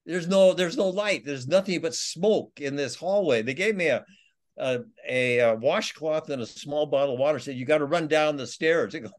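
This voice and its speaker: A man, an author, telling a dramatic travel story in a podcast interview, halting with restarts and chuckles. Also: a little high. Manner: halting, many restarts and laughs, acts out quotes. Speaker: author and guest.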